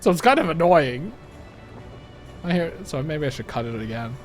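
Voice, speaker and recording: A man's voice: on the high side, very animated, normal speed, soft background music. A young man doing casual let's-play commentary, chatty and rambling, laughing easily. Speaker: game streamer.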